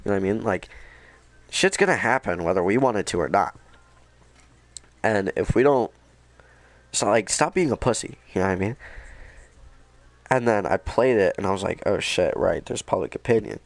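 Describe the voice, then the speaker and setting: A young man casually recapping a video game, energetic and rambling, with lots of swearing. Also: fairly low pitch, normal speed, pauses often, dry recording. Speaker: gaming video host.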